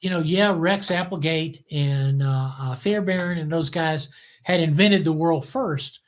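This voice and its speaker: An older man, a guest in a casual interview, telling relaxed, wry stories and often restarting his phrases. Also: fairly high pitch, a little slow. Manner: relaxed anecdotal storyteller, wry and cynical, repeats words as he restarts.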